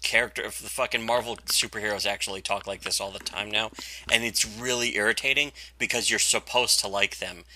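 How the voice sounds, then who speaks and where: Bright, laughing man in casual chat. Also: fairly low pitch, steady tone, a little fast. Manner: laughing, rambling, swears a lot. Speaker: comics review host.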